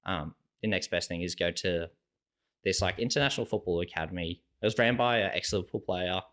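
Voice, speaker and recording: A young Australian man, low-pitched and brisk, is a guest on a podcast having a casual storytelling chat. He's relaxed and animated as he acts out quoted dialogue, with "like" in almost every sentence.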